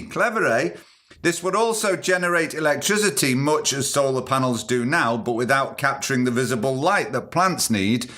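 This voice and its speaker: A man's voice: mid-range voice, bright, forceful tone. A man hosting a casual news podcast, reading stories aloud and adding cheeky, sarcastic asides. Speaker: podcast host.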